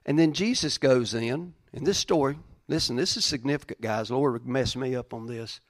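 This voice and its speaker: A man preaching a sermon in a plain-spoken, folksy way, repeating phrases for emphasis and swinging between loud and soft. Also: medium pitch, moderate pace, no echo. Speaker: pastor.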